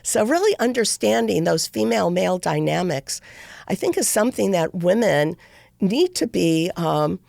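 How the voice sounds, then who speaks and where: A woman's voice: lowish voice, very animated, normal speed, gravelly, a little mellow, no echo. A middle-aged woman, a podcast guest, telling a long story in a rambling way with many restarts. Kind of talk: casual interview storytelling.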